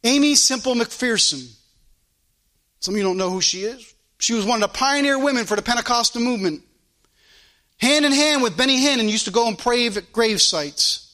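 A male pastor delivers a fervent sermon in a strikingly high voice, quoting scripture in its old-style wording. His tone is bright and ringing. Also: normal speed.

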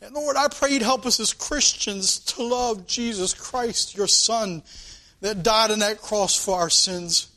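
High-voiced preacher in fervent prayer. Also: male voice, unhurried, pushed and bright. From United States. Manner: repetitive, calling "Lord" and "dear God" between phrases. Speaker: pastor. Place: church sanctuary.

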